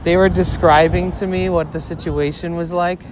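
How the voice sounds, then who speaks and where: A man's voice: high-pitched, flat delivery, moderate pace. Young man rambling a story outdoors. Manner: rambling, full of "like" fillers, swearing, laughing. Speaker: IRL streamer. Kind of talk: casual storytelling on a live stream. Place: outdoors in a city. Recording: outdoor street noise.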